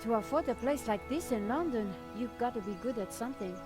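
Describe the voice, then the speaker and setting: An actress voicing a brisk, practical adult woman investigator in a video game. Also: fairly high pitch, over music, lightly acted. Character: level-headed female investigator, adult.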